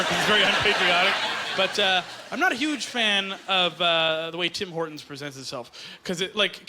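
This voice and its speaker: A man from Canada doing a stand-up comedy set, talking fast and bursting into squeaky bits. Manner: excitable, jumps into high squeaky bits. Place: comedy club stage before a laughing crowd. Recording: loud audience laughter and stage noise.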